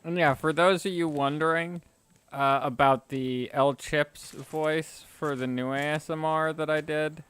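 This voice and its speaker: A man's voice: a little high, fairly even intonation, unhurried, a bit bright, smooth. A man chatting casually while streaming a game, rambling and self-deprecating, with frequent chuckles. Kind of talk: casual gaming chat.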